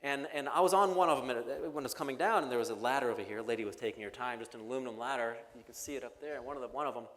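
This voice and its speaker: A man's voice: mid-range voice, rapid-fire, fairly bright tone. Man telling a dramatic story in a hall. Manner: humorous, dramatic storytelling with jokes. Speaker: keynote speaker. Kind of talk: storytelling keynote speech. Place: large banquet hall. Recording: hall reverb with faint music.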